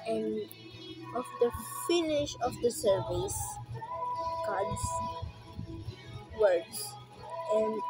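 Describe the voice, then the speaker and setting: A woman with a Filipino accent rambles through a casual vlog. She speaks slowly in a fairly high voice, stopping and restarting often. Music plays clearly behind her. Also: poor audio. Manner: halting, restarting, emotional. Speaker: vlogger.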